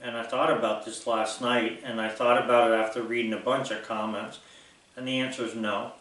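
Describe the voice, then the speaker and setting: A man's voice: mid-range voice, flat delivery, a little fast, fairly bright tone. Older guy in his 60s going on bluntly to his viewers, really echoey room, mic kinda far off. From United States. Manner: blunt, rambling, lecturing. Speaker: vlogger. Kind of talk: unscripted monologue to viewers.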